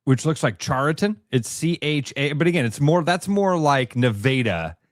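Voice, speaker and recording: A relaxed man co-hosting a radio show, chatting casually. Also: on the high side, moderate pace, no room sound, clean studio sound.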